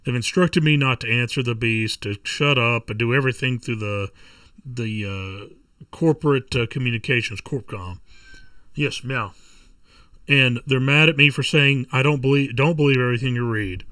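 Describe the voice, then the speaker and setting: A man hosting a podcast, reading a letter aloud with his own comments, halting and full of fillers. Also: mid-range voice, pushed and bright, far from the mic. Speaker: podcast host.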